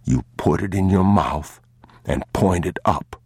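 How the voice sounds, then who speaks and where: A man voicing an exhausted, protective father in a storybook, in whispered role-play, urgent and very slow. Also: deep voice, breathy edge, no echo, clean studio sound, exaggerated voice.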